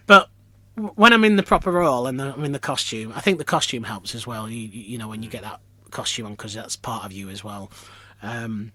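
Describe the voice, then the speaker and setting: A man's voice: mid-range voice, fairly quick, hardly any pauses, bright, forceful tone. A man from Lancashire, a pantomime performer, chatting as a podcast guest in a self-deprecating storytelling manner with many restarts. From Lancashire, England. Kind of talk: casual interview chat.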